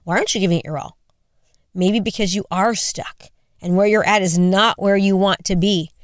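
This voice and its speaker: A woman's voice: medium pitch, steady tone, normal speed, no room sound. Woman in her 40s, motivational speaker, earnest, chatty, dry close sound. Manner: earnest, conversational, repeats questions for emphasis. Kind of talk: motivational talk.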